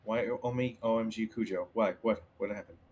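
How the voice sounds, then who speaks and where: Low-voiced guy running a charity stream game, loose and sweary. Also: fairly even intonation, brisk, darkish tone, a little hiss or hum. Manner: loose, laughing, swears casually. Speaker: game master.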